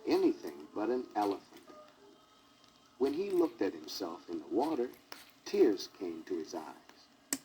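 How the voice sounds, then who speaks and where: A man's voice: lowish voice, big pitch swings, measured pace, long pauses, dark tone, soft background music. A man narrating a children's storybook record, with jokey asides to the listener, on a crackly 1960s vinyl record.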